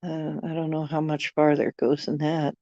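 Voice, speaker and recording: Low-pitched lady rambling and joking, dry dull lo-fi sound. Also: flat delivery, moderate pace, warm tone, dry recording. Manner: rambling, joking, self-deprecating. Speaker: livestream host. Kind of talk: casual chat with viewers.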